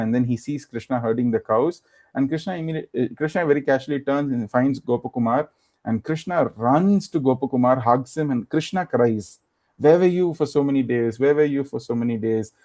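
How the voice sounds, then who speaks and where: In a storytelling sermon, a man retells scripture as a story, pausing on many fillers and slipping into the characters' quoted lines. His voice is mellow and relaxed, at an ordinary middle pitch for a man.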